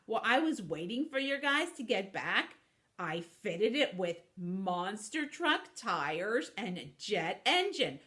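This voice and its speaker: A woman's voice: mid-range voice, sing-song, takes it slowly, fairly bright tone. A woman voicing an eager, thoughtful male tarantula who tinkers with gadgets, helpful and chirpy.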